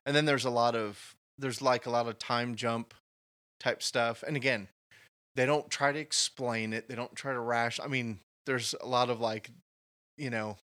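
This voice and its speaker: A man with a bright, forward voice at a middle pitch chats about a film with a friend. He speaks haltingly and restarts his sentences often, working his thoughts out as he goes. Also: fairly even intonation. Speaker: podcast co-host. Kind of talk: casual movie chat.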